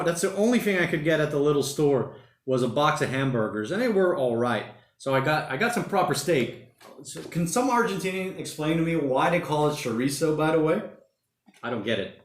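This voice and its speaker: A fairly high-pitched man, sounding roomy, runs a relaxed livestream from his home in lockdown. He reads out viewer comments and rambles along, peppering his talk with "mate" and "bloody."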